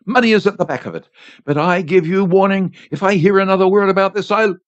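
A man's voice: high-pitched, fast, dry recording, lightly acted. A man doing a furious scolding priest. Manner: scolding, threatening. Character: angry stern village priest, man. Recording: dry, slightly dull home studio.

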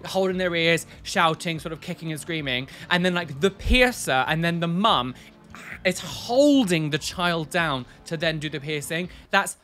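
A man's voice: fairly high pitch, a little slow, fairly bright tone, faint music behind. Exasperated man reacting bluntly. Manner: blunt, exasperated, sighing and repeating himself. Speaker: reaction video host. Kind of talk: casual reaction commentary.

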